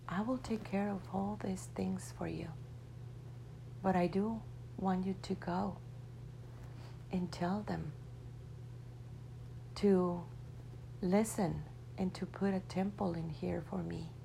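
A tender mother spirit, female and divine, speaks softly and reassuringly, sometimes dropping toward a hush. A woman storyteller puts her on. The voice is low and slow, with a gravelly edge. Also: steady tone, slight background noise, heavily acted, rough recording.

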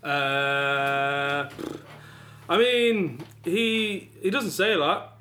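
A man's voice: on the high side, drawn-out words, sharp tone, a little hiss or hum. A man, an actor talking about his role, rambling and hesitant with chuckles. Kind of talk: casual chat. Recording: chattering crowd behind.

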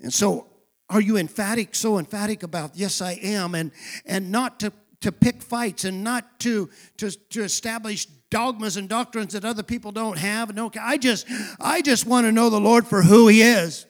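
A male pastor preaching a sermon, calling for responses from the congregation and rising to shouted emphasis. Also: high-pitched, normal speed. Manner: drops to a quiet aside voice for asides.

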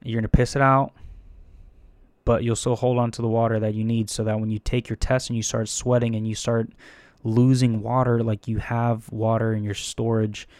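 A young man telling a casual, profane story about taking a firefighter test, rambling and animated with frequent restarts. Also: medium pitch, moderate pace, no echo. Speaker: firefighter candidate.

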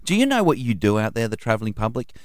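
Animated Australian comedian telling stories. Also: male voice, mid-range voice, fast talker, smooth, no echo. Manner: animated storyteller, acts out passengers' voices. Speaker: comedian guest. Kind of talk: casual radio chat.

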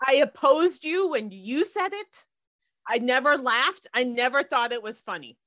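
A woman in casual chat, expressive and quick to laugh, riffing on jokes. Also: sits high, dry recording.

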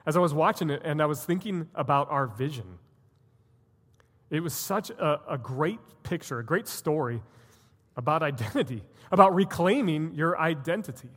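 A man's voice: fairly high pitch, lively intonation, moderate pace, a bit bright, long reverb tail. A man preaching a sermon as a pastor, telling a story earnestly and building to emphatic points. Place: church sanctuary.

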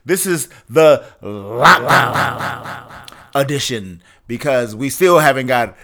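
A man's voice: medium pitch, lively intonation, slow, bright, forceful tone. A man hosting a casual movie-review podcast, joking around and hyping up his co-host and guests.

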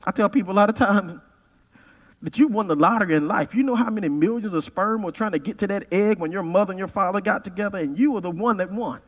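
A pastor in his forties preaching a sermon, swinging from loud peaks to quiet asides. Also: high voice, quick pace. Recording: reverberant hall.

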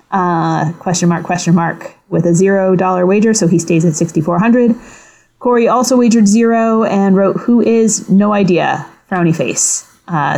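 A woman co-hosting a podcast in casual chat, recapping carefully and reading quiz clues aloud in a measured way. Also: on the low side, darkish tone. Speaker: podcast co-host.

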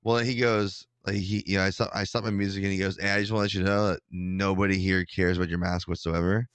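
Guy rambling thru a story, low smooth voice, kinda animated. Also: fast, no room sound. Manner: rambling, animated, with many restarts and fillers. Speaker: podcast co-host telling a story. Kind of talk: casual chat.

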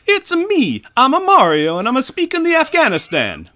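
A cartoonish mock-Italian plumber, as a man puts him on, sings out every line. His voice leaps high and loud. The tone is bright and goofy. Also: huge pitch swings, normal speed, exaggerated voice. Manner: over-the-top sing-song put-on accent.

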